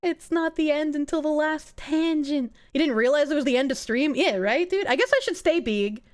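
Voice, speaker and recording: Giggly, high-pitched streamer woman. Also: normal speed. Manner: giggly, swings into high squeals and low mumbles; profane, rambling, reacting to chat. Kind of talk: casual live-stream chat.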